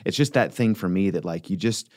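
A man's voice: low voice, lively intonation, fairly quick, a little mellow, no room sound, clean studio sound. A man talking earnestly and reflectively in a casual conversation, rambling with frequent restarts and fillers.

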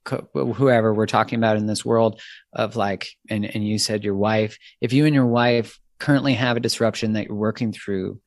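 Earnest low-voiced male podcast host. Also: steady tone, dry recording. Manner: earnest, thoughtful, halting. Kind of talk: casual podcast conversation.

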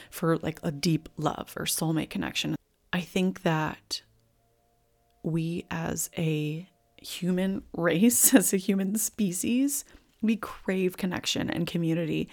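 A young woman hosts a live reading, talking casually and earnestly with lots of filler words. Her voice sits a little low and has a gravelly fry, and she turns tearful and drops into soft whispers. She is filming herself indoors on video. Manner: warm, earnest, chatty with frequent likes and ums. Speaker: intuitive reader and podcast host.

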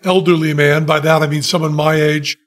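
High-voiced animated male podcast host. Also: fairly quick. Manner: animated, jumps in to interrupt. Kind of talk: casual podcast chat.

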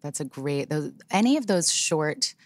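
A woman's voice: sits low, expressive, unhurried. A woman hosting a podcast interview, answering her guest with short supportive affirmations. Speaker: podcast host.

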